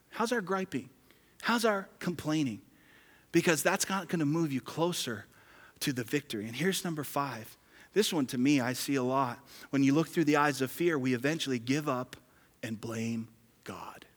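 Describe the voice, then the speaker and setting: A male pastor preaching a sermon emphatically, swinging from loud exclamations to hushed whispers. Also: mid-range voice. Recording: long reverb of a large hall.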